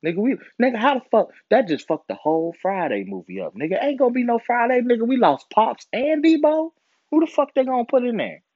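A man's voice: very high-pitched, very animated, fairly quick, husky, no room sound. A young man ranting casually and with lots of profanity, often mocking people in put-on voices. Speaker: podcast host. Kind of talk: casual monologue. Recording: dull lo-fi sound, dry.

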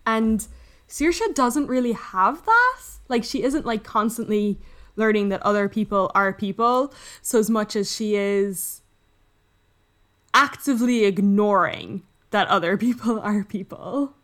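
Woman, podcast co-host, casual book chat, quotes characters, mid pitch. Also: lively intonation, unhurried, fairly bright tone. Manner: chatty, retells plot with quoted lines.

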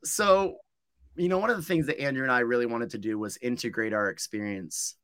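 A male podcast co-host with a bright, crisp voice, dropping in short, easygoing comments. The sound is dry and close. He talks in quick, casual bursts. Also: mid-range voice, dry recording. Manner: brief, laughing interjections. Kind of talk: casual chat.

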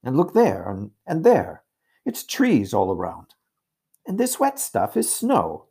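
A man's voice: mid-range voice, wildly swooping pitch, slow pace, gravelly, warm tone, breathy edge, voice pushed up, exaggerated voice. Man doing a hearty eldest schoolboy. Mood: earnest. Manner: hearty, old-fashioned schoolboy talk. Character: confident eldest schoolboy, brotherly leader.

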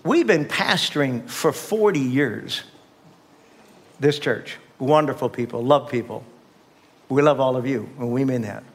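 A man's voice: medium pitch, a little slow. An older man preaching a sermon as pastor, emphatic and repetitive, often calling on the congregation to respond. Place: church sanctuary.

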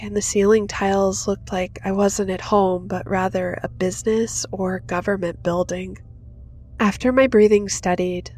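A woman reading a first-person horror story in a dramatic scripted narration. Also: medium pitch. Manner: dramatic, rising to intense in action. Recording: soft music under the voice.

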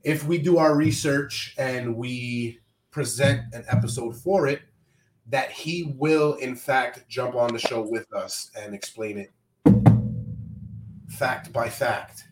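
A man's voice: mid-range voice, takes it slowly, over music. Man hosting a loose, profane podcast. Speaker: podcast host. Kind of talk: casual podcast chat. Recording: roomy echo, faint noise.

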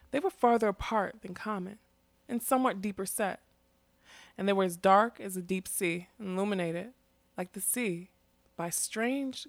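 A woman narrating a fantasy story in a steady, expressive reading. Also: medium pitch, gravelly, dry recording. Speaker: audiobook narrator.

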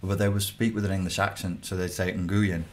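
A man chatting as a guest, telling an anecdote in a playful, animated way. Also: low-pitched, quick pace. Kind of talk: casual chat.

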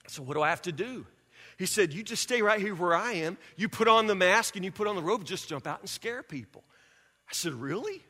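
A man preaching a sermon as pastor, telling a personal story in an animated way and acting out scenes, speaking in a church sanctuary. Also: sits high, fairly quick, breathy edge. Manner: animated storyteller, acts out scenes, drops to quiet intensity. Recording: reverberant hall.

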